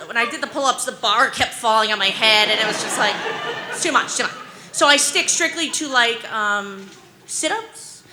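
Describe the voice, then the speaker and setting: Female stand-up in her forties, bright higher voice, rambling and filler-heavy, anxious self-mocking humor. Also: a little hiss or hum. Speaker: stand-up comedian. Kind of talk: stand-up storytelling.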